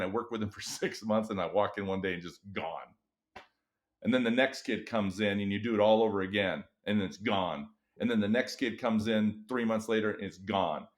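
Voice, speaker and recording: Middle-aged guy, low voice, tells school stories and jumps way up when he acts out worn-out teachers. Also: fairly quick. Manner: animated storytelling, acts out weary teachers with big pitch jumps. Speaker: guest educator and author. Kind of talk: podcast interview.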